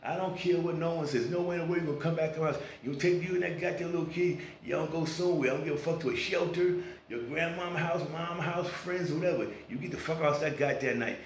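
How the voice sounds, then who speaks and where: Profane, animated man ranting in an echoey room. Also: on the high side, fast talker, a little hiss or hum. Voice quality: profane, animated storytelling with voiced quotes. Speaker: vlogger. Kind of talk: casual rant to camera.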